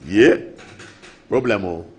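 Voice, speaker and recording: A man's voice: on the low side, slow pace, darkish tone, slight background noise. A man with a Ghanaian English accent hosting an evening TV show in a studio, chatting casually, mimicking other people and laughing often. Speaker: TV show host.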